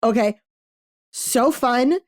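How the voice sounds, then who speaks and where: Woman podcast host, casual chat, animated, dry close sound. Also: on the high side, drawn-out words, no room sound. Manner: animated, swearing, acting out quotes. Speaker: podcast host reviewing romance books.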